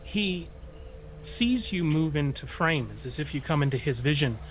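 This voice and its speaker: A man narrating as game master of a tabletop game, in a halting way with many pauses and restarts. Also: a little high, animated, a little hiss or hum, rough recording.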